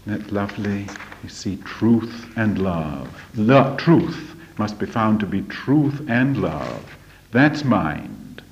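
A man lecturing slowly and deliberately on a spiritual text, pressing his points with rhetorical questions. His voice sits fairly low and unhurried. The recording is dull and lo-fi. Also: very animated, a little hiss or hum. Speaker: religious study teacher.

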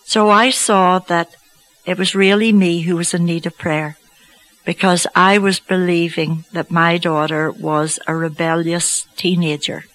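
A woman telling a personal faith story to an audience, slow and reflective with gentle humour. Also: lowish voice, rough recording. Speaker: speaker giving a faith testimony.

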